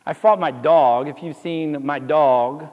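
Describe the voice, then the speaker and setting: A man preaching a sermon, animated storytelling with jokes and asides that builds to emphatic exhortation. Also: a little high, slow pace, in a large hall, narrow, tinny audio. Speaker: pastor.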